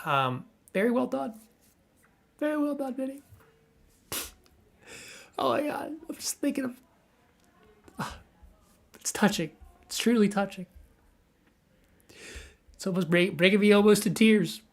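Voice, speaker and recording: A man's voice: sits high, animated, a little slow, creaky, pauses often. Rambling young man hosting a stream. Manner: rambling, stammering, playful, talks to chat. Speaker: livestream host reviewing NFT art. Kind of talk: casual livestream chat.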